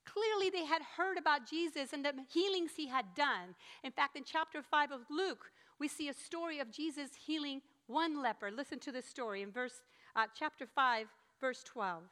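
A woman preaching a sermon, telling the story in an animated, emphatic way. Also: high voice, moderate pace, few pauses.

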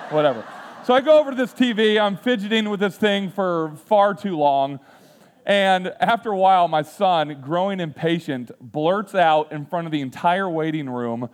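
A man in his thirties, a pastor giving a sermon, telling funny self-deprecating stories and then speaking quietly and earnestly. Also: sits high, expressive, fairly quick. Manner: humorous, self-deprecating storyteller who acts out quotes; turns quiet and earnest when reflecting. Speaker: student ministries pastor. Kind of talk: sermon with personal storytelling.

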